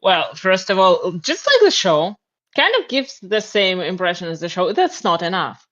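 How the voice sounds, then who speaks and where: A woman co-hosting a casual podcast, dropping wry, relaxed remarks. Her voice comes through a somewhat dull, lo-fi microphone. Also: on the low side, normal speed. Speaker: podcast co-host. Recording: slightly dull, lo-fi mic.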